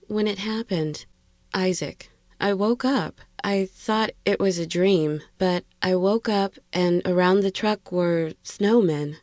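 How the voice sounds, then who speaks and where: A woman's voice: mid-range voice, slow, a little mellow, dry recording, studio quality, close to an everyday voice. A woman voicing a frightened, grieving young wife who pleads tensely and breaks into screams. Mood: fearful.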